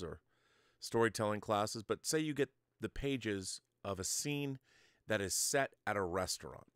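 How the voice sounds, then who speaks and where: A man with a lowish, fairly bright voice hosts an online show, recorded with clean studio sound and no echo. He explains film-making to his viewers in a lecturing yet conversational way, speaking straight to them and using examples.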